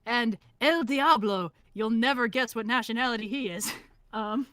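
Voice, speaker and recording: A woman's voice: fairly high pitch, animated, normal speed, fairly bright tone, dry recording, clean studio sound. A woman co-hosting a livestream, chatting casually and sarcastically with frequent laughter and fillers. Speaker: co-host of a streamed gameplay talk.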